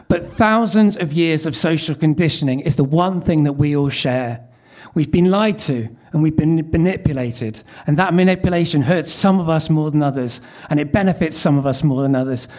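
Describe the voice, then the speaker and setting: Guy doing standup, higher voice, wry and self-mocking, keeps cutting in on himself. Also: a little mellow. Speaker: comedian. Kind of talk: stand-up reading his teenage love letter.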